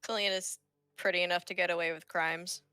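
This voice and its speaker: Bright-voiced giggly woman player. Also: lowish voice, steady tone, fairly quick, clean tone, no echo, faint music behind. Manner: giggly, chatty reactions. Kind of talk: casual chat at a tabletop game.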